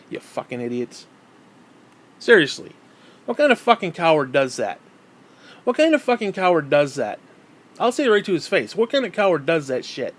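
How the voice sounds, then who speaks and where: A man's voice: a little high, sing-song, moderate pace, long pauses. A man ranting angrily on camera, hostile and swearing constantly. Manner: hostile, heavily profane. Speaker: vlogger. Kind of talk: angry personal rant.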